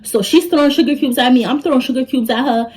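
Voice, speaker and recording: A young woman telling a story to her vlog audience in an animated way. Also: high-pitched, quick pace, rough recording. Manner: animated, talks straight to the audience. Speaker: vlogger.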